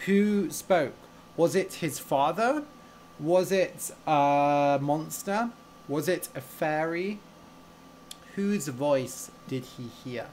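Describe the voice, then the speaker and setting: A man teaching English on a live stream, telling a story slowly and clearly, explaining words and asking viewers questions in a relaxed, chatty way. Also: on the high side, a little hiss or hum.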